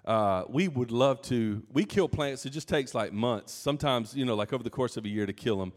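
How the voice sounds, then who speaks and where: A man's voice: medium pitch, a little fast. A man preaching a sermon in a casual, conversational way, with asides and restarts. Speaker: pastor.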